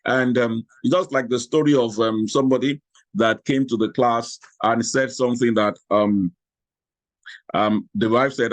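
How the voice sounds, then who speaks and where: A middle-aged man with a Nigerian accent lectures a class in a chatty, frank way, looping back over his points. His voice sits at a middle pitch. It is recorded close and dry. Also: fairly even intonation, a little slow, dry recording. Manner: chatty, repetitive, frank storytelling. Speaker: marriage teacher.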